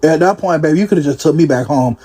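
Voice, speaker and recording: A man giving casual reaction commentary in an animated, mocking way, laughing often. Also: fairly high pitch, fast talker.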